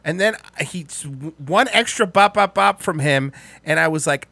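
Man, high bright voice, animated, profane, dry close sound. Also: normal speed, gravelly, no room sound. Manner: animated, profane, bursts into loud outbursts. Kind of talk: casual storytelling chat.

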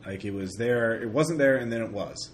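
A man running a tabletop horror game as game master, narrating in halting, restarting sentences. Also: mid-range voice. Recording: echoey room, faint hiss.

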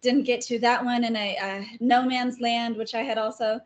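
A woman guest talking casually about her favorite writers, chatty and quick to laugh. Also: fairly high pitch, steady tone. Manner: chatty, laughs often, many fillers. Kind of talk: casual interview chat.

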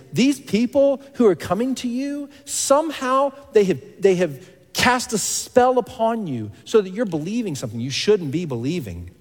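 Emphatic preacher in a reverberant hall. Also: male voice, on the high side. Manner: emphatic, swings from loud exclamations to hushed asides. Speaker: pastor. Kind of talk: sermon. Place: church hall. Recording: long reverb of a large hall.

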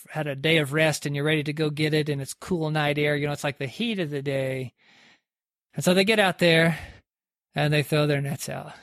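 A man's voice: a little high, a bit bright, no room sound, studio quality. A man preaching by retelling a story in a loose, conversational way. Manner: conversational, lots of "like" and restarts. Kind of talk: sermon storytelling.

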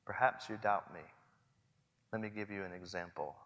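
A man in his forties preaching a sermon earnestly, swinging between hushed and loud passages. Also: low-pitched, normal speed, dull audio. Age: 40s. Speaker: pastor. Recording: long hall reverb.

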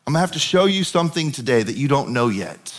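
A preacher doing a hushed, tender Jesus. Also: male voice, mid-range voice, sing-song, quick pace, voice pushed down, natural voice. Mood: teasing. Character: gentle compassionate male Jesus consoling mourners.

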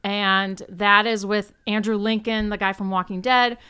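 Smooth-voiced woman guest, enthusiastic chat. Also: mid-range voice, steady tone, unhurried, sharp tone. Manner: enthusiastic, uses "like" often. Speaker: podcast guest, actress and improviser. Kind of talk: casual chat.

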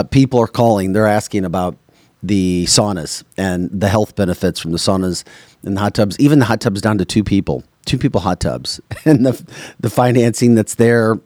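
Blunt low-voiced male podcast host. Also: darkish tone, dry recording, clean studio sound. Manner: blunt, opinionated, quick asides. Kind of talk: casual political talk show.

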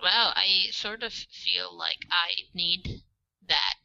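A woman's voice: on the low side, takes it slowly, gravelly, bright, forceful tone, no room sound. A woman guest on a casual podcast, giving short amused replies and dry jokes. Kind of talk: casual chat. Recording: dull lo-fi sound.

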